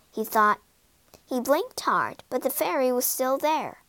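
A woman reads a children's story aloud in a high, animated voice. She takes her time, giving each line a dramatic lift. The recording is dry and close. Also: measured pace, no room sound. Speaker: narrator. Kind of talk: storybook narration.

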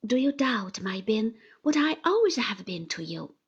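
A woman voicing an earnest young man who pleads in a hushed, breathy voice. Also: fairly high pitch, very animated, measured pace, lo-fi sound, heavily acted. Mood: pleading.

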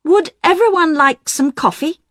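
A woman reading the part of a tense young adult daughter who speaks high and pleading. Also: moderate pace, fairly bright tone, dry recording, clean studio sound. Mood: strained.

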